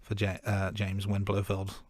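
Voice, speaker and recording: A man with a fairly low voice talks through a film's scenes in a relaxed, self-deprecating way. The recording is dry and close, with no room sound. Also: measured pace, no room sound. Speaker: podcast co-host. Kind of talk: casual film-review chat.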